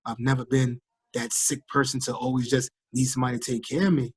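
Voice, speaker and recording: Husky man in his thirties from Trinidad, worn out by illness, animated storyteller, dry close sound. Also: medium pitch, fast, dry recording. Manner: animated storyteller, acts out quoted voices. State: fatigued, recovering from illness. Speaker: guest, firefighter recovering from illness. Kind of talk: casual interview over a call.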